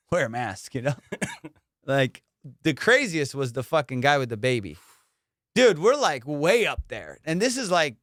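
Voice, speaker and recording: A man hosting a casual comedy podcast, telling stories in an animated, profane way and laughing often. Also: on the high side, dry recording, clean studio sound.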